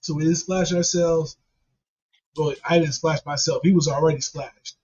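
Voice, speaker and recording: A man's voice: a little high, steady tone, normal speed, a little mellow, breathy edge. A man casually telling a profane, funny story and laughing along as he goes. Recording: dull lo-fi recording.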